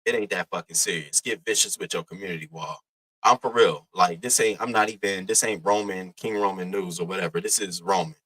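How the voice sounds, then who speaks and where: Bright-voiced young man streaming commentary. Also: sits low, brisk, poor audio. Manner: loose, profane, slangy, shouts out chatters. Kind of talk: casual live-stream commentary.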